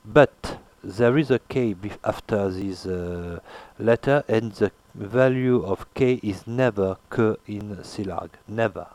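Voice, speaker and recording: Slow, hesitant man teaching. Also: fairly low pitch, darkish tone, no echo. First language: French. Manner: hesitant, many filler pauses, repeats words slowly to model sounds. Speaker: language teacher. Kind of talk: pronunciation lesson.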